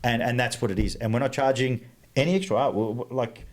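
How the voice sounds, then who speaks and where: An Australian man speaks as a podcast guest at an ordinary middle pitch. His talk is blunt and rambling, full of restarts and asides. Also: quick pace. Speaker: guest, engine builder. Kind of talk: casual podcast chat.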